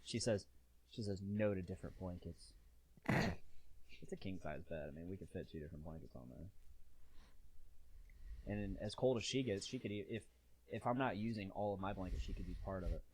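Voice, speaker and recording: A man's voice: low-pitched, brisk, long pauses, a little mellow, slight background noise, poor audio. A man in his thirties hosting a podcast, chatting in a candid, rambling way and laughing at himself. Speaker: podcast host. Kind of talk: casual comedic chat.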